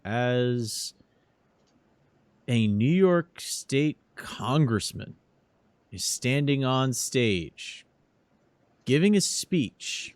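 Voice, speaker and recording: A man narrating a tabletop game as game master, in a casual, unhurried storytelling manner. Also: medium pitch, dry recording.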